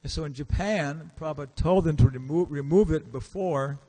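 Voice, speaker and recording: A man's voice: a little high, a little fast, warm tone. Chatty American man giving a lecture. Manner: chatty, acts out quoted characters, asks the audience questions. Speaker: visiting lecturer. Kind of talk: casual storytelling lecture. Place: temple hall.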